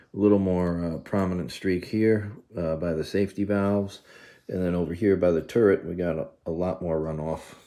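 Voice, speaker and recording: Holding his phone camera in the kitchen, a laid-back guy with a low, mellow voice narrates his model trains casually. He's relaxed and says "uh" a lot while he films.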